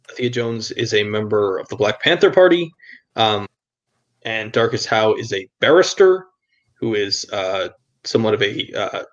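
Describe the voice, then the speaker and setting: A man's voice: medium pitch, slight background noise. An enthusiastic man in a casual podcast film chat, speaking in a mid-range voice. His talk is emphatic and full of repeated praise. The recording sounds dull and slightly lo-fi. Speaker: podcast co-host or guest.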